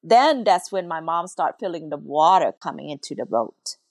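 A woman's voice: low voice, expressive, moderate pace, a little mellow, no echo, clean studio sound. A woman from Laos, earnestly telling her family's story as a podcast guest, her English grammar loose. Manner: earnest, emotional, non-native English grammar. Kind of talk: personal storytelling in an interview.

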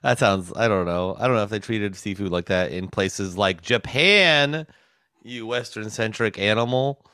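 A man's voice: fairly low pitch, normal speed, sharp tone, smooth, no echo, clean studio sound. A man chatting casually on a podcast, teasing and laughing often with crude jokes. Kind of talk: casual chat.

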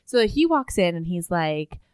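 A woman's voice: lowish voice, big pitch swings, unhurried, a little mellow, smooth, dry recording, studio quality. A woman in casual conversation, animatedly retelling a story and acting out bits of dialogue. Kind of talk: casual book chat.

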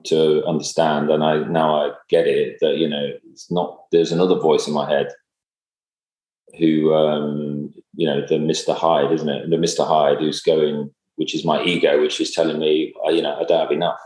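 A man in casual conversation, speaking in a halting, reflective way with many fillers and restarts. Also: extremely low pitch, little pitch movement, darkish tone. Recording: echoey room.

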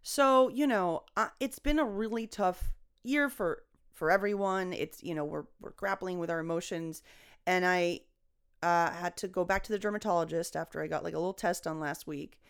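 A young adult woman, a comedian, talking casually on a podcast in a rambling, expressive way, swearing and laughing often. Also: fairly low pitch, moderate pace, smooth. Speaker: guest comedian.

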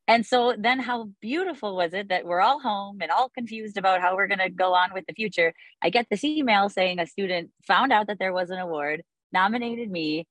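A woman's voice: mid-range voice, fairly quick, hardly any pauses, a bit bright, no echo. A woman in her forties, a music teacher, talking in a podcast interview, chatty with many fillers and restarts.

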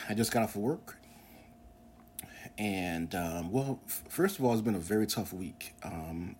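A man's voice: deep voice, a little hiss or hum. A man in his forties hosting a podcast, talking in an earnest, rambling monologue with many fillers and restarts. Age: 40s. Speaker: podcast host. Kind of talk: casual religious podcast monologue.

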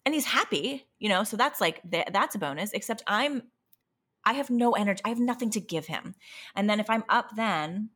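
A young adult woman and parent of a toddler, exhausted, talking candidly in a halting, self-interrupting, emotionally raw way. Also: mid-range voice, expressive, fairly bright tone, breathy edge. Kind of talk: candid conversational chat.

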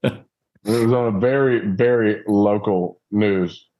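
A man's voice: lowish voice, fairly even intonation, slow, dark tone. A man co-hosting a podcast, needling the others in a joking, playful way. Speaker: podcast co-host. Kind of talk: casual chat. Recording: dull, muffled mic.

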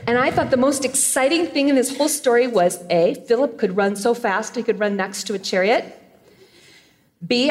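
Female preacher, high-pitched, animated storyteller with a joking streak. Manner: animated storytelling, playful asides. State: choked up with emotion. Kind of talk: sermon.

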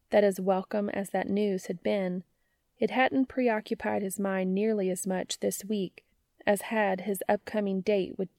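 A woman narrates a story in a low, gravelly voice that sits close and dry on the mic. She reads at an even, measured pace as a podcast host sharing fan fiction. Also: no room sound.

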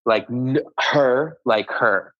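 A man with a mid-range, medium-pitched voice tells a personal story as a guest, slowly, casually and earnestly. He keeps reenacting his conversations with "I was like." The lo-fi sound is dry and close.

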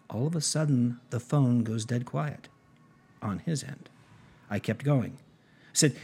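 A man with a mellow, husky voice hosts a podcast and tells a story out loud. He acts out both sides of a conversation with lively energy and restarts his sentences often. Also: on the high side, measured pace, long pauses. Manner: animated retelling with quoted dialogue, frequent restarts. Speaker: podcast host. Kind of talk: storytelling monologue.

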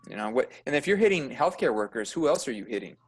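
A man who works as an emergency room nurse, chatting casually on a podcast and telling stories in an animated way, full of fillers, his voice climbing high and loud when he gets worked up. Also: fast, slightly rough.

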